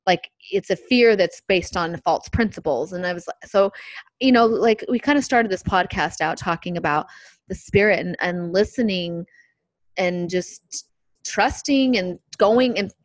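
A woman's voice: lowish voice, measured pace, no room sound. A woman co-hosting a podcast, telling a personal story in a casual faith talk, earnest and reflective with hesitant restarts. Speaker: podcast co-host.

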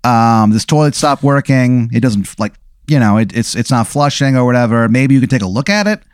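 A man's voice: medium pitch, animated, clean tone, no echo, studio quality, voice pushed down, natural voice. A man voicing a male restaurant owner who mumbles and halts as he talks. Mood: puzzled. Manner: mumbling, halting speech. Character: grumbling male restaurant owner, easily annoyed.

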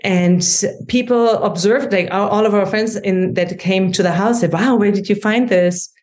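A woman's voice: mid-range voice, normal speed, a little mellow. A woman in her forties from Germany with a German accent, chatting as a podcast guest, with frequent ums and easy laughter. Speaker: guest, kitchen organizing business founder. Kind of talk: casual interview chat.

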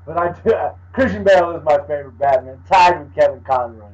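A man's voice: fairly high pitch, darkish tone. A man co-hosting a podcast in casual chat, wry and joking as he riffs. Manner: wry, joking, quick to riff. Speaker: podcast co-host. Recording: dull lo-fi audio.

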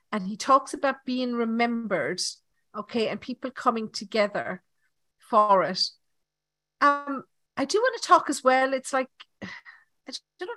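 A woman's voice: fairly high pitch, a bit bright, no room sound. Irish lady medium rambling through a reading, keeps asking okay?, dry mic. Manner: chatty, checks in with "okay?". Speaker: medium, podcast host. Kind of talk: live psychic reading demonstration.

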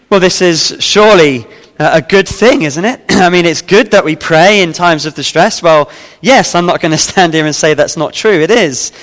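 A man with a high, slightly bright voice preaches a sermon, and his words trail off into a long reverb tail. He reads scripture aloud, then explains it with frequent fillers and restarts, as a pastor would.

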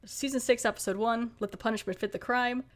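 A woman's voice: on the high side, steady tone, fast. Woman, podcast host, casual chat, playful, laughs often.

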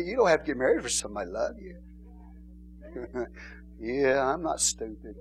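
A middle-aged male pastor, preaching in a joking, animated way and calling out to the congregation. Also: medium pitch, normal speed, noisy background. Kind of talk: sermon.

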